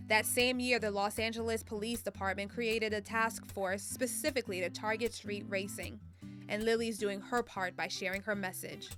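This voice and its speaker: A woman giving scripted narration for a local cable TV profile, even and informative. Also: medium pitch.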